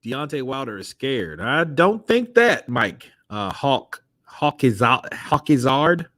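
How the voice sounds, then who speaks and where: A man hosting a casual boxing talk show. He is unhurried but animated, with lots of pitch movement, and he laughs often. The sound is dry and close. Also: no room sound. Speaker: host. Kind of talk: casual chat.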